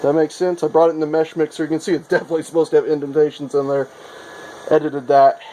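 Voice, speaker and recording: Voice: mid-range voice, flat delivery, quick pace, dark tone, slight background noise, low-quality recording. A maker vlogger chatting casually and playfully in a workshop, showing off projects with self-mocking asides. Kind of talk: casual show-and-tell vlog.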